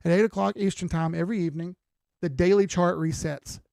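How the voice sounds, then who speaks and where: Tired, gravelly male crypto streamer. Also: sits high, fairly even intonation, fairly quick, a little mellow, dry recording, studio quality. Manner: conversational, repeats phrases, folksy slang. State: tired, yawning. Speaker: crypto chart analyst streamer. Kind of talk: casual live-stream chart commentary.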